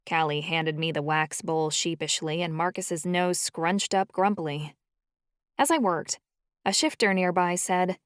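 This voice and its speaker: Dry, low-voiced woman narrating a story. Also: unhurried, no echo. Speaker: audiobook narrator. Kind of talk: scripted first-person narration.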